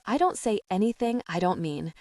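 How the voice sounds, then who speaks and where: A woman voicing a gentle, devoted young man speaking sincerely to his lover. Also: mid-range voice, expressive, normal speed, no echo, studio quality, far from the mic, lightly acted. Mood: tender.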